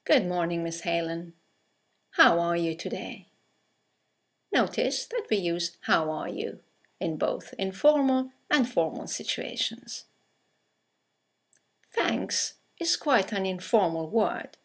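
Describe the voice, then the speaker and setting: A woman narrating a scripted English conversation lesson, reading example greetings aloud with slow, clear delivery. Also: fairly low pitch, lively intonation. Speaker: English teacher.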